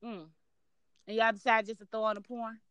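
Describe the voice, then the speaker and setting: A woman with a slightly high voice listens to a friend's story in casual chat. She cuts in with quick exclamations, teasing questions and laughter. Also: level tone, fairly bright tone, clear, resonant tone, dry recording, lo-fi sound. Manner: reacts with short exclamations and laughter.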